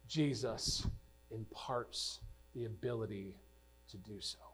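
A man preaching a sermon to his congregation, earnest and building to loud declamation when he quotes commands. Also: on the high side. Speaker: pastor.

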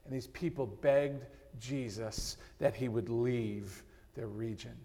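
A male pastor preaching a sermon, swinging between loud, emphatic passages and hushed, slowed-down lines. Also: mid-range voice. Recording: long hall reverb.

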